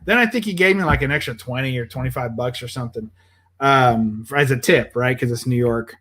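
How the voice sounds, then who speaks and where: A man's voice: mid-range voice, a little fast, pushed and bright. A man telling a long, rambling story in casual chat, full of fillers, acting out the people in it. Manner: rambling, filler-heavy, acts out quotes. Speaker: podcast host telling a story.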